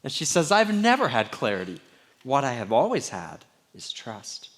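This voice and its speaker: A middle-aged male pastor preaching in a candid, conversational way. His voice sits at an ordinary middle pitch, and he sometimes drops to a soft, hushed tone. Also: wildly swooping pitch, moderate pace. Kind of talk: sermon.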